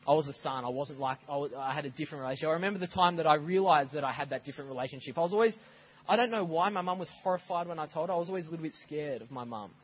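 A man preaching a sermon as a pastor, telling stories in a lively way and acting out scenes. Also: fairly high pitch, racing, husky, lo-fi sound. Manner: animated storytelling, acts out scenes. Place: church.

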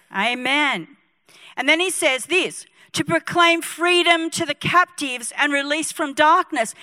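Bright high-voiced woman pastor preaching. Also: dry recording. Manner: lively, acts out the people in her stories; drops to a hushed voice for solemn moments. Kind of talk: sermon with storytelling.

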